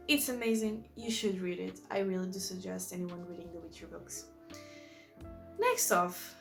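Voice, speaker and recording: Vocal-fry woman chatting about books. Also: mid-range voice. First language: not English. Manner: rambling, self-correcting, enthusiastic. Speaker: book vlogger. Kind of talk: casual book review chat.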